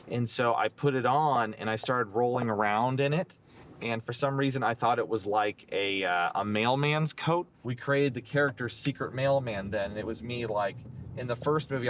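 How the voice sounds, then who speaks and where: A man's voice: mid-range voice, a bit bright, a little hiss or hum. A young man speaking in a mockumentary-style interview, rambling and playful in a boyish way.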